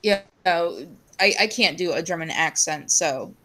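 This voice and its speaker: A woman's voice: on the low side, a little slow, a bit bright, a little hiss or hum. A woman co-hosting a casual chat show who laughs often, swears casually and reads viewer messages aloud.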